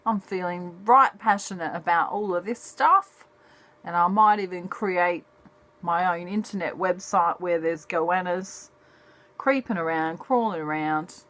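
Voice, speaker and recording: A woman's voice: on the low side, unhurried, a bit bright. A woman putting on a jovial, passionate Australian man for a tarot card figure, with a hearty, broad drawl.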